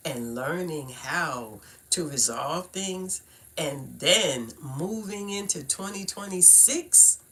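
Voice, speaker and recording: A woman's voice: rumbling low, sharp tone, a little hiss or hum. Chatty Brooklyn woman hosting a livestream. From Brooklyn, New York. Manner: chatty, laughs often, playful asides to viewers. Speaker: livestream host teaching cardology. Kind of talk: casual livestream chat.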